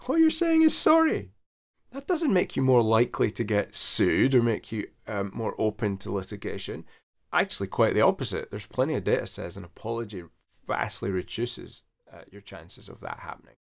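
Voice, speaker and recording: A man's voice: lowish voice, very animated, moderate pace, creaky. A man in his forties, a veterinarian, talking earnestly to camera and coaching his listeners step by step in a conversational advice vlog.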